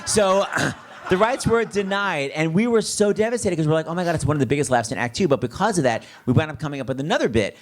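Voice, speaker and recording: A man's voice: fairly high pitch, fast. A man hosting a live stage interview, telling comic stories with lots of laughter and acting out quotes. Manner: animated, laughing, acts out quotes in big voices. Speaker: talk show host.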